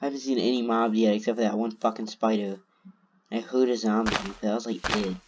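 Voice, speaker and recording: A man's voice: lowish voice, steady tone, fairly quick, slight background noise. A man narrating his own gameplay, talking to himself and swearing constantly. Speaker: gamer. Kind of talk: let's play commentary.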